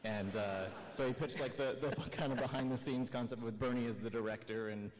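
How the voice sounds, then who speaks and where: A man's voice: medium pitch, fairly even intonation, brisk. A man chatting on a convention panel, telling stories in a rambling way with lots of fillers. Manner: rambling, filler-heavy storytelling. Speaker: panel guest animator. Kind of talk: casual panel talk. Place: large convention hall. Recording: echoey convention hall.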